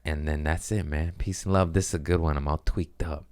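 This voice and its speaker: A man's voice: a bass voice, a little fast. A man who hosts a comedy podcast alone, rambling, profane, laughing often and wired on caffeine. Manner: excitable, profane, laughs often, jumps topics. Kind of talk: casual rambling solo monologue. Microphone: studio microphone.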